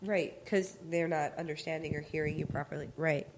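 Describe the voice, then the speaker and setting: A woman with a fairly low, nasal voice, stuffy from a cold, chatting casually and teasingly on a podcast. She flirts and laughs easily, over a faint hiss of background noise. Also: fairly even intonation, fairly quick. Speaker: guest. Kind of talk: casual chat.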